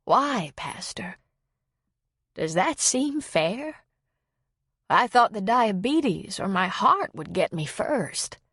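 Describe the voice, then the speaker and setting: A woman's voice: medium pitch, big pitch swings, no echo, studio quality, heavily acted. A woman playing a frail, forgetful old woman. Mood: sorrowful. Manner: slow, soft, wavering speech. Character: frail forgetful elderly woman, gentle and apologetic.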